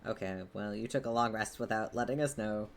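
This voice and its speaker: A woman's voice: very deep voice, a little fast, a little hiss or hum. A woman narrating a tabletop game as game master, hesitant, with many ums and likes.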